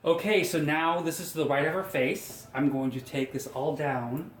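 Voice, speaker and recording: Man, hairstylist, tutorial talk, fairly high voice, echoey room, faint ambient hum. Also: steady tone, moderate pace. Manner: chatty, coaxing, self-mocking asides. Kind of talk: hair styling tutorial.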